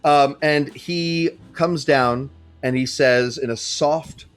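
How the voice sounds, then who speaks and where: Animated man running a tabletop game. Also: fairly high pitch, slow, clear, resonant tone, faint music behind. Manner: animated, casual, swears freely. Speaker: game master.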